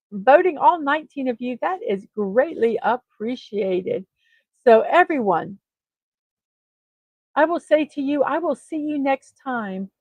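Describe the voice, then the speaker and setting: A woman's voice: high voice, dry recording, phone-quality sound. Chatty woman hosting a livestream. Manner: friendly, chatty, with many ums and uhs. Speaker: livestream host. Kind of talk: casual livestream chat.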